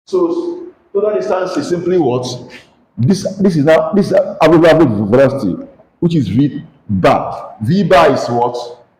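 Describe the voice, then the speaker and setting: A man with a Nigerian English accent leads a classroom physics lesson, pressing his students with questions and pushing them to speak up. His voice sits a little high and moves up and down a lot. The room is echoey. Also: lively intonation, moderate pace, darkish tone. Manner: questioning, coaxing students to answer aloud. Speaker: physics teacher.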